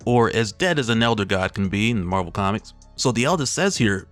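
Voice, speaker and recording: A man's voice: on the low side, brisk, no room sound, soft background music. Laid-back man recapping a comic. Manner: laid-back, slangy, lively storytelling. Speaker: comic book recap host. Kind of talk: casual comic story recap.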